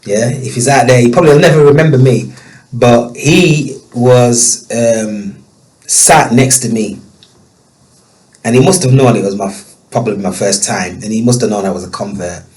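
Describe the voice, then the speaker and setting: Man, emotional storyteller, halting speech, frequent restarts, average pitch. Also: darkish tone, rough recording. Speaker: guest. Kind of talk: personal storytelling.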